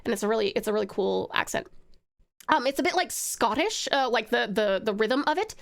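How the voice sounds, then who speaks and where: A woman's voice: a little high, animated, brisk, gravelly. A woman streamer chatting casually and giggling while she draws, rambling and reading chat aloud. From Australia.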